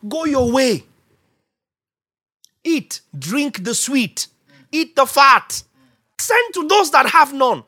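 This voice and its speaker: A woman preaching a sermon, emphatic, asking the congregation questions and rising to shouts. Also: sits high, big pitch swings, slow, pauses often.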